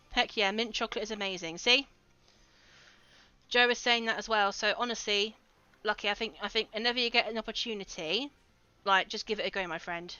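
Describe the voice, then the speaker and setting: A woman's voice: medium pitch, normal speed, sharp tone, clean tone, no echo, muffled recording. A woman streaming a game, chatting casually with her viewers and laughing often. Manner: giggly, chatty, talks to chat. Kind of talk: casual livestream commentary.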